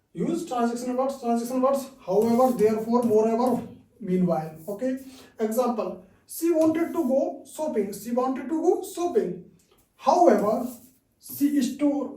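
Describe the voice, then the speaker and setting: A man teaching a grammar lesson, repeating each example slowly with frequent "okay"s. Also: very high voice, warm tone. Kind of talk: slow classroom explanation. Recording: roomy echo, distant mic.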